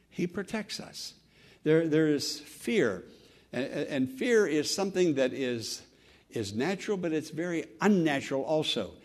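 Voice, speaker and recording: A man's voice: fairly high pitch, darkish tone. A man preaching an earnest sermon, building to emphatic exclamations. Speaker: pastor.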